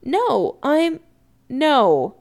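A woman's voice: sits high, huge pitch swings, drawn-out words, darkish tone, pitched above the performer's own voice, exaggerated voice. Woman reading as a flustered exasperated young man. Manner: exasperated, pleading.

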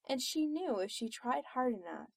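Expressive woman reading a story. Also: sits high, normal speed, gravelly, dry recording, clean studio sound. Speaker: reader. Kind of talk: reading fiction aloud.

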